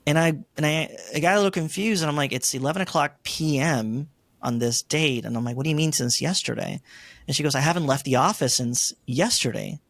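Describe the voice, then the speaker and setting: A man's voice: fairly high pitch, fairly quick, no echo. A middle-aged man telling a personal story as an interview guest, acting out the lines he and others said. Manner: animated storyteller, acts out his own quoted lines.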